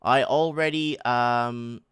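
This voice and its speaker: A man's voice: mid-range voice, fairly even intonation, takes it slowly, fairly bright tone, clear, resonant tone, no echo, studio quality. A man hosting a casual live stream, rambling and sarcastic, reading headlines and chat messages aloud with many restarts.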